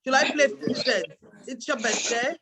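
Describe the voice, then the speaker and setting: A woman hosting a video call, teasing a friend in a brisk way. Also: sits high, very noisy. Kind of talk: casual chat on a video call.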